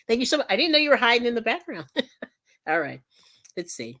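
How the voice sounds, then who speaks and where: A woman's voice: on the high side, big pitch swings, moderate pace, pauses often, sharp tone. A woman hosting a casual live stream, chatting, laughing often and thanking viewers as she crafts. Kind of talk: casual chat while crafting.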